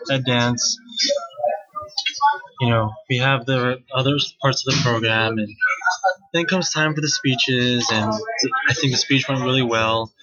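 A man's voice: mid-range voice, dull audio. Chatty man rambling over crowd noise. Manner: rambling and chatty, with many "like"s and slang. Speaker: wedding guest recounting his sister's wedding. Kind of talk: casual solo monologue.

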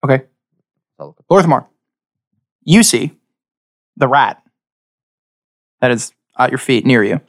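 A man acts as game master, describing the scene in a loose, chatty way and often circling back to restart a phrase. His voice sits at an ordinary middle pitch. The recording is close and dry, with no room sound. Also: lively intonation, takes it slowly, long pauses, no echo. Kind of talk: narrating a tabletop game.

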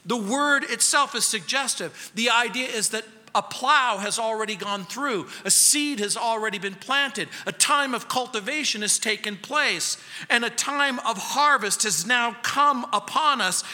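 A middle-aged man preaching a sermon as pastor, emphatic, swinging between loud and hushed. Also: sits high, measured pace, in a large hall. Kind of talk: expository sermon. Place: church sanctuary.

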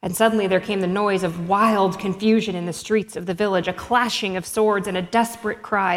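A woman narrates a story in a measured, expressive reading voice. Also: lowish voice. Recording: long hall reverb.

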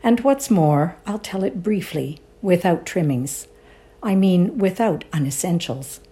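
A woman reading a brisk self-assured storyteller. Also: lowish voice, lively intonation, dark tone. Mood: matter-of-fact.

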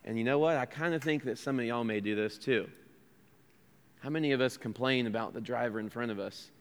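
A man's voice: mid-range voice, fairly bright tone, clean tone, long reverb tail. An American man preaching a sermon as pastor, earnest and conversational, asking his listeners questions and poking fun at himself. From United States. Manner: earnest, conversational preaching with rhetorical questions and self-deprecating asides. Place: church sanctuary.

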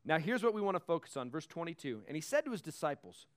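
A man's voice: on the high side, big pitch swings, fast talker. A man preaching a conversational sermon, joking and reading scripture aloud. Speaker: pastor.

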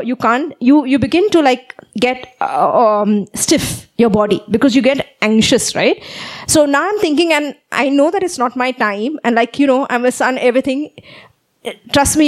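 A woman preacher giving a sermon, telling a personal story in an animated way and often checking in with "okay?". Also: sits high, normal speed.

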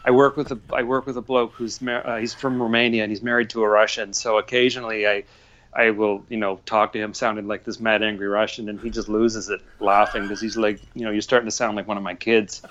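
A man's voice: flat delivery, fairly quick, a bit bright. A man in his forties, a podcast guest telling rambling stories with lots of fillers. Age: 40s. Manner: rambling, chuckling storyteller with many fillers. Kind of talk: casual podcast chat. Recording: dull low-fidelity audio.

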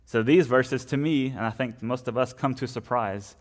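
A man's voice: mid-range voice, moderate pace, few pauses. A man, probably young, preaching a conversational sermon, often adding "right?" and restarting his sentences.

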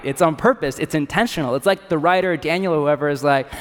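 A pastor preaching a sermon in an animated, casual, joking way. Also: male voice, on the high side, fast, long reverb tail. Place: church in a city.

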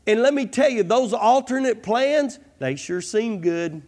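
Fervent preacher, male, high-pitched voice with an unhurried delivery, sermon pacing. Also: lively intonation, darkish tone. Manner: fervent, repeats "come on" and "I'm telling you". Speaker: pastor.

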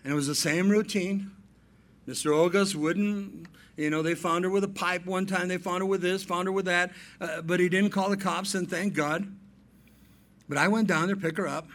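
A man in his fifties preaches with a high-pitched voice. He tells family stories, drops softly into asides, then lifts his voice into emphatic points for the congregation. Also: steady tone, moderate pace. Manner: storytelling preacher, swings between soft asides and emphatic raised points. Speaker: pastor. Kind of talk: sermon.

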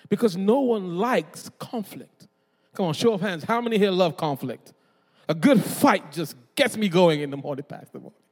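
Man, guest preacher, high voice, animated, joking, call-and-response, long hall reverb. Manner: animated, calls for audience response, self-deprecating jokes. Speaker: guest pastor. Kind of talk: energetic sermon. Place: church hall.

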